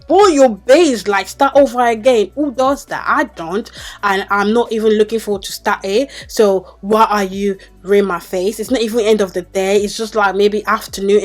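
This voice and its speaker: Young woman vlogger ranting casually, mid pitch, lots of "like", faint music behind. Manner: chatty and exasperated, with many "like"s. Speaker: beauty vlogger. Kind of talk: casual storytelling to camera.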